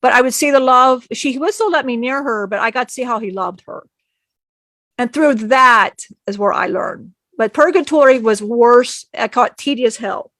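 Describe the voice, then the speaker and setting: High-voiced woman telling a heartfelt story. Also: moderate pace, fairly bright tone, no echo. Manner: rambling, quotes others, laughs often. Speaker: channeler speaking as a spirit. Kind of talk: emotional personal storytelling.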